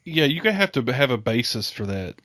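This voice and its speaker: A man's voice: mid-range voice, very animated, fast, a bit bright, no room sound. A man hosting a casual podcast conversation, blunt and profane, with lots of fillers. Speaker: podcast host.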